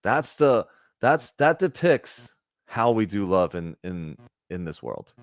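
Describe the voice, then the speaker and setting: A man's voice: lowish voice, sing-song, slow pace, dry recording, studio quality. A man giving a conversational spiritual talk to a group, often checking in with "right?" and acting out little bits of dialogue. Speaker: spiritual teacher.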